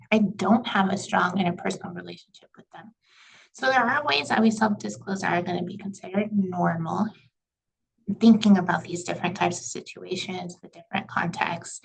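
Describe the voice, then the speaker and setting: A young woman giving a recorded college lecture over slides. Her voice has a gravelly edge, and her delivery stays conversational and loose, with frequent fillers as she explains each point. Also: medium pitch, poor audio. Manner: conversational, uses "like" and "you know" often. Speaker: college communication instructor.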